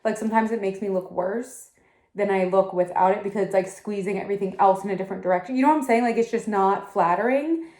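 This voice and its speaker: A woman's voice: mid-range voice, fast talker, darkish tone. A young woman in her twenties chatting casually to camera for her vlog, filling her talk with "like". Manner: chatty, says "like" constantly. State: out of breath. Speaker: vlogger.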